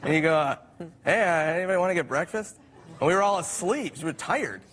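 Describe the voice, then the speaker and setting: A man telling a tour story in a chatty, quick-fire way. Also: high-pitched, expressive, fairly bright tone. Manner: quick, chatty, halting restarts. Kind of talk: casual anecdote telling.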